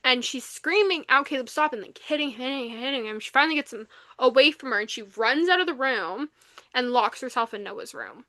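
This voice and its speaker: A young woman co-hosting a podcast, recapping a novel in casual chat, animated and full of fillers, acting out the lines she quotes. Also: sits high, a little fast, dry recording. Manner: animated retelling, acts out quotes, many fillers. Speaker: podcast co-host. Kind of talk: casual book review chat.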